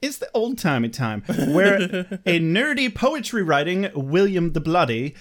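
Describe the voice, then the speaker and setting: A man's voice: high voice, very animated, unhurried, a bit bright. A man co-hosting a casual podcast chat, jokey and often laughing. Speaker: podcast co-host.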